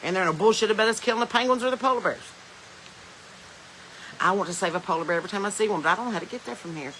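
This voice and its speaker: A Southern American woman hosts a casual livestream chat from her phone, joking and laughing as she reads viewer comments. Her voice is bright and forward, with a faint hiss behind it. She talks in loose, drawling asides. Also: medium pitch, rapid-fire, low-quality recording. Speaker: podcast host.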